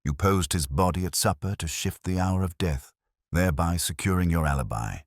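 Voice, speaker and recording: A man playing a Victorian detective who speaks in a cold, cutting, measured way. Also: deep voice, dry recording, studio quality, close to an everyday voice. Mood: accusing.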